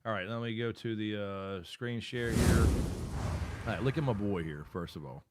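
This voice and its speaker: A man's voice: fairly low pitch, moderate pace, heavy background noise. A middle-aged man hosting a live stream. He chats casually and rambles, thinking aloud while he works his screen.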